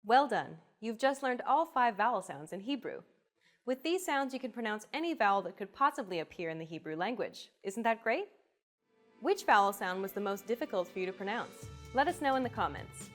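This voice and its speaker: A woman's voice: fairly high pitch, expressive, brisk, faint music behind. Upbeat woman hosting a language lesson. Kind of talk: scripted lesson narration.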